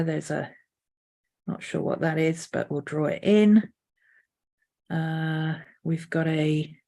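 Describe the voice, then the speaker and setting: A woman artist thinking aloud as she sketches, unhurried, now and then cooing to her dog. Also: sits low, mellow. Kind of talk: casual art vlog narration. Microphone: desk mic.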